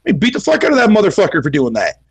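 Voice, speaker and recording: A man's voice: high-pitched, wildly swooping pitch, rapid-fire, husky, no echo. A man from Canada with a Canadian accent, chatting casually on a podcast, swearing a lot and laughing easily.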